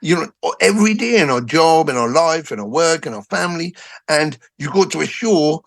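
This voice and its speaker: A man, a podcast guest telling stories in an animated, profane way. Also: fairly high pitch, fairly quick, creaky. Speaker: guest musician. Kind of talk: casual podcast conversation.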